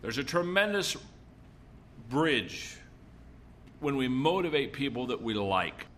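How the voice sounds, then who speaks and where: A man's voice: medium pitch, sing-song, takes it slowly, a bit bright, a little hiss or hum. A middle-aged man giving a leadership seminar talk, telling folksy stories and repeating his points for emphasis. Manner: folksy storytelling, emphatic repetition. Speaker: leadership speaker.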